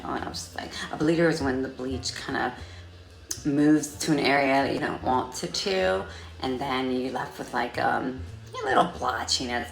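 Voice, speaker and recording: A woman telling a story in a casual vlog, sassy and profane, with animated delivery. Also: rumbling low, vocal fry, reverberant. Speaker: vlogger.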